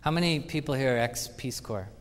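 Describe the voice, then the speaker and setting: A man speaking at a conference, spinning lively anecdotes and acting out the people he quotes. His mid-pitched voice carries the long reverb of a big hall. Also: fairly quick. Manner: animated anecdotes with acted-out quotes. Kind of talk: storytelling conference talk.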